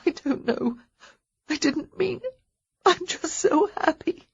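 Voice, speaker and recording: A tender young gentlewoman of a period romance, breathy and husky, her voice rising high when feelings overtake her, as a woman narrator puts her on. The audiobook sound is slightly dull. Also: expressive, takes it slowly, heavily acted. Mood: sobbing.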